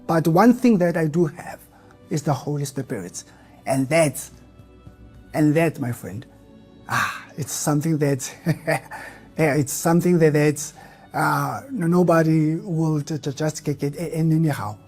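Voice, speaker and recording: Unhurried and slightly high, with a darkish tone and a breathy edge, a man tells his personal church testimony over soft background music. Earnest and emotional, he repeats the first syllables of words in a heavy stutter and builds to fervent outbursts.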